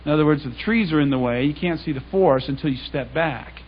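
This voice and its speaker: A man's voice: a little high, fast talker, highs cut off, slight background noise. A man giving a public Bible talk, telling stories in a casual, conversational way and acting out the dialogue. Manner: conversational, anecdotal, acts out dialogue. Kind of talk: storytelling sermon.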